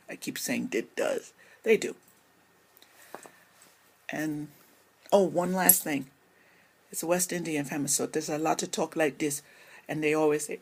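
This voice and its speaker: A woman's voice: low voice, normal speed, creaky, long pauses, a little mellow, slightly rough. A woman speaking casually straight to camera, rambling and apologetic while she talks with her hands. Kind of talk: casual vlog monologue.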